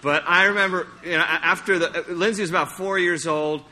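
Animated, bright-voiced pastor preaching. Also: male voice, a little high, brisk. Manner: animated, acts out anecdotes with playful sung impressions. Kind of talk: sermon. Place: church sanctuary.

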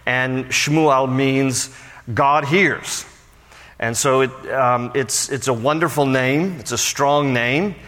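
A man's voice: mid-range voice, slow, a bit bright. A man preaching as a pastor, teaching from the Bible in a conversational way with storytelling asides. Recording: long reverb of a large hall.

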